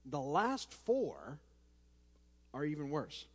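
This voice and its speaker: A man's voice: fairly high pitch, wildly swooping pitch, takes it slowly, husky. A male pastor preaching a sermon in a conversational way, with restarts and friendly asides. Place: church sanctuary. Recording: long hall reverb in a church.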